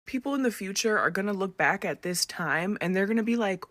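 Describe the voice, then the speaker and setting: A woman's voice: mid-range voice, animated, fairly quick, few pauses, a bit bright, no room sound, studio quality. A woman ranting furiously to camera and swearing heavily. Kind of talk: emotional rant to camera.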